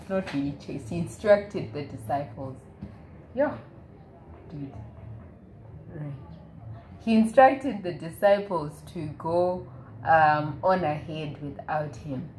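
A woman's voice: low-pitched, animated, slow, pauses often, a little mellow, slight background noise. A woman leading a Bible study, retelling a story casually and acting out the quoted voices. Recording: echoey room, faint ambience.

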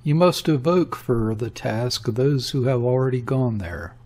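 A brooding officer on leave, read by a man, speaking in a dead, even tone with a mocking edge. The voice is husky and very slow. It suits a storybook. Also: mid-range voice. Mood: gloomy.

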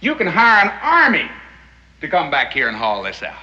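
An actor playing a rugged, blunt frontiersman who talks in a plain-spoken, forceful way. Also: a little high, wildly swooping pitch, moderate pace, full character voice. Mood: persuasive. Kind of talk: 1960s TV western acting. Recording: echoey, dull old TV audio with score.

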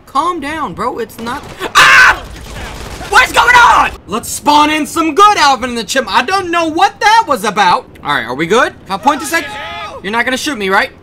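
Hyped high-voiced gaming commentator man. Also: big pitch swings, slight background noise. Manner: hyped, shouting at the game, quick reactions. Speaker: gaming YouTuber. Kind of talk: excited gameplay commentary.

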